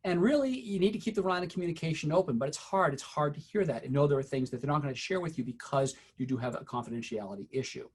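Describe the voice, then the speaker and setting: A middle-aged man giving a teacher training, telling a story in a conversational, unhurried way with many fillers. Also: on the high side, darkish tone, husky.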